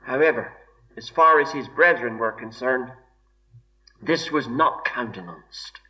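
A man preaching an expository sermon in a slow, measured way, weighing each word with deliberate emphasis. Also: medium pitch. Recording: dull lo-fi recording.

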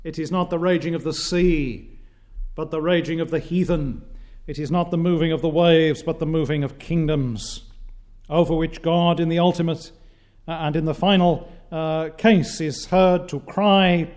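A man preaching a sermon in a measured, declamatory way, with frequent "uh" pauses between phrases. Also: a little high, steady tone, darkish tone.

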